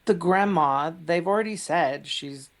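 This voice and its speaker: A podcast co-host who grew up in the UK, talking through a film in a measured, hesitant way. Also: medium pitch, fairly bright tone. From United Kingdom. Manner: measured, thoughtful, hesitant with fillers. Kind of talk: casual movie review chat.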